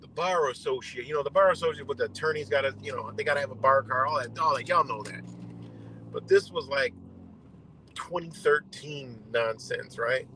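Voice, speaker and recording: A man's voice: mid-range voice, a little fast, sharp tone, slight background noise, poor audio. A man hosting a live stream, ranting bluntly and exasperatedly with heavy swearing. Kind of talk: profane ranting commentary.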